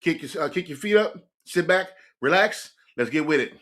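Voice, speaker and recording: Young male reaction host, high-pitched, loose and rambling, keeps saying "like". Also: normal speed. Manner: excitable, rambling, fills speech with "like". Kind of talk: casual reaction commentary.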